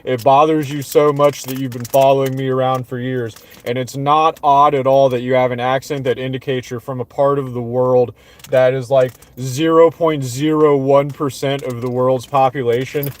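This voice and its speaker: A young man from Southwest Florida with a Southern American accent, ranting sarcastically on a livestream and repeating his jabs over and over. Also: medium pitch. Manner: sarcastic, repetitive, mocking. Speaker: livestream host.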